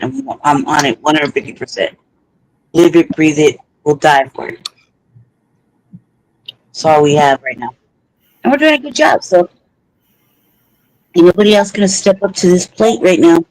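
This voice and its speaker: A podcast co-host with a slightly high voice talks in a heated, profane, rambling way, often restarting his sentences. The audio is poor, with no echo.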